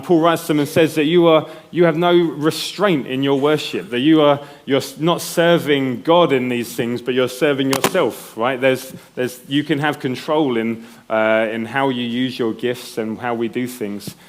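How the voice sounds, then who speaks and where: A man preaching a sermon in a conversational way, often checking in with the congregation. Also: medium pitch. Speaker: pastor.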